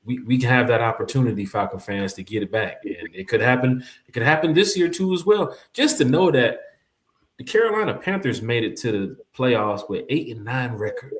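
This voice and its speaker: A man as a guest on a fan talk show, talking in a casual, animated way with lots of slang. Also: mid-range voice, fairly quick. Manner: animated, colloquial, says "you know what I'm saying".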